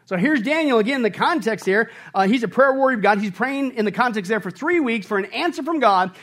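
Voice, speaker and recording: A man preaching a sermon as a pastor, swinging between loud outbursts and hushed, whispered lines. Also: very high voice, expressive, brisk.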